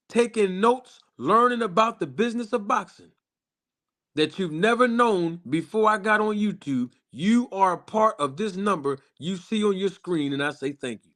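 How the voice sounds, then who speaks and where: Guy with a higher-ish voice doing a live stream, talks straight to viewers, repeats himself a lot for emphasis. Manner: emphatic and repetitive, addressing viewers directly; slows down for emphasis on key lines. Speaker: boxing YouTube channel host.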